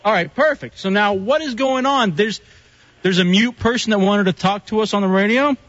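A man's voice: sits high, normal speed, a bit bright, no echo. A man hosting a radio show, joking and giggly in loose banter. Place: radio studio. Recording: muffled lo-fi radio recording.

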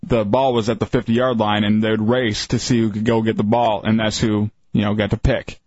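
A man co-hosting a radio show, calmly explaining and making dry jabs, on a dull lo-fi broadcast. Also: on the low side, moderate pace, no room sound. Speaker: radio co-host.

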